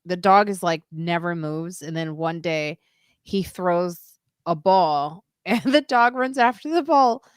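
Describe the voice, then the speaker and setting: A woman co-hosts a podcast, chatting casually and telling stories with animation while laughing often. Her voice is low-leaning, clear, and resonant, and she speaks slowly in a clean studio recording with no room sound.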